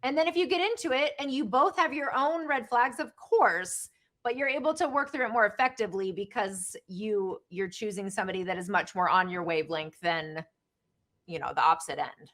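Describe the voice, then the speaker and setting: A woman hosting an interview as a therapist, explaining her thoughts in a reflective, measured way. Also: medium pitch, fairly bright tone. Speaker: host and therapist. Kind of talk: conversational interview.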